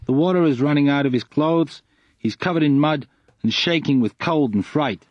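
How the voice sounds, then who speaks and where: A young American soldier voiced by a man with a generic American accent, recounting his diary with urgency. The audiobook clip is muffled, and the voice is pitched up. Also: normal speed, darkish tone, dry recording, lightly acted. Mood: urgent.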